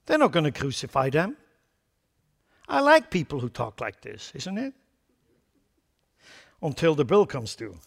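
Preacher guy w a high voice, emphatic, loud then quiet, blunt. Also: wildly swooping pitch, unhurried, vocal fry, pauses often. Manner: emphatic, swings between loud declarations and quiet asides; blunt and scornful toward foolish ideas. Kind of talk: sermon.

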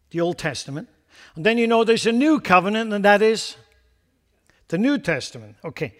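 A male pastor preaching a sermon, animated and putting questions to his congregation. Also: high-pitched, long reverb tail.

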